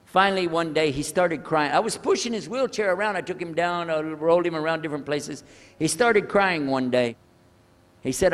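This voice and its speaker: An older male religious speaker telling a personal story to an audience, acting out the dialogue with lively changes of voice. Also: a little high, normal speed, in a large hall. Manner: animated storyteller who acts out the dialogue.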